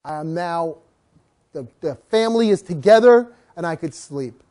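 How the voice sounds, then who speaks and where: A woman's voice: fairly low pitch, animated, normal speed, warm tone, pitched below the performer's own voice, close to an everyday voice. A woman voicing an easygoing male pet dog who mutters in a drowsy, satisfied way. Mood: sleepy.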